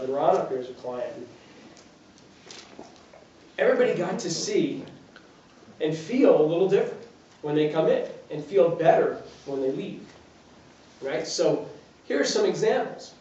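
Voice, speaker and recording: A man gives an informal fitness talk. His voice sits a little high, and he keeps it chatty with rhetorical questions. The recording is dull and lo-fi, picked up from a distance in a very echoey lecture room. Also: mellow, slight background noise. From New Jersey. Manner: chatty, uses rhetorical questions and acted-out quotes. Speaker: fitness trainer giving a talk. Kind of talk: informal talk to a small audience.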